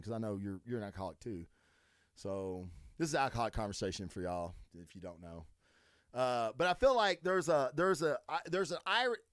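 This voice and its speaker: Brief: crude, swearing Southern man hosting a podcast, animated delivery, dead-dry room. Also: medium pitch, dry recording. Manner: rambling, swears a lot, crude joking. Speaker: podcast host. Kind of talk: casual profane chat.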